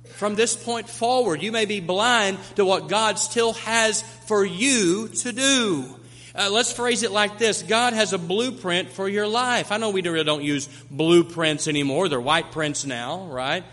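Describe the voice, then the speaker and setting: A male pastor preaches with emphatic repetition, his voice high and bright. It rings out with a long, trailing reverb from a large church hall. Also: measured pace. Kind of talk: sermon.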